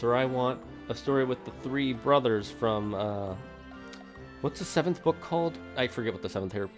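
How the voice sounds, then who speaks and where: Man, streamer, casual rambling chat, middle-pitched voice, faint game music. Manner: rambling, self-correcting, opinionated. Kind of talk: casual let's-play chatter.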